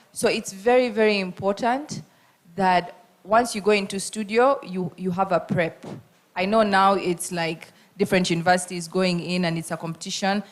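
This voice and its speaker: A woman, a radio host judging a contest and giving spoken feedback to contestants. She talks in an animated, emphatic way, stressing and repeating her points. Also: medium pitch.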